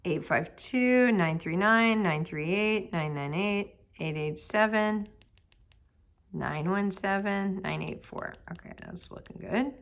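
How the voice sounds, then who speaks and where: A woman with a slow, gravelly, medium-pitched voice teaches statistics in a recorded lesson. Upbeat and chatty toward her students, she reads numbers aloud, talks herself through each step, and murmurs some of it under her breath.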